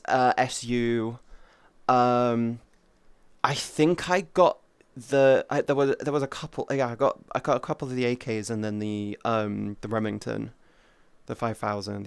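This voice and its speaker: A VTuber streamer chatting casually with chat, rambling and swearing a lot, with sudden jumps to a high, excited pitch in stories. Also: creaky, clear, resonant tone, no room sound.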